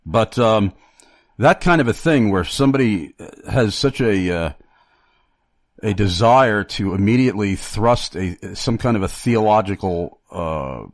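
Male talk host, deep voice, dry and close, thoughtful, pauses and restarts often. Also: lively intonation, dry recording. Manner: reflective, halting, with frequent fillers and restarts. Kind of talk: Christian radio talk.

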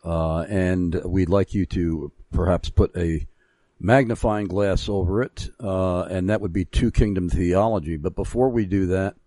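Low mellow guy hosting a christian talk show, slow and halting, dry close sound. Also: steady tone, no echo. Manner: measured, halting, frequent pauses. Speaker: radio show host.

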